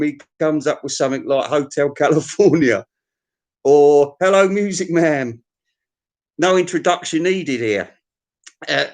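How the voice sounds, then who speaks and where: A man's voice: a little high, a little slow. A man hosting a vinyl collector's live stream, ranting sarcastically and swearing as he talks to his chat. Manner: profane, sarcastic, mocking rant. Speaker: vinyl collector channel host.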